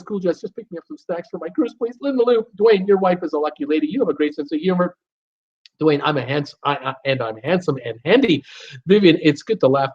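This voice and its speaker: A man's voice: sits high, dull audio. A man from Canada hosting a live cruise show from home, reading viewer comments aloud and joking along. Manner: chatty, reads names aloud and jokes along.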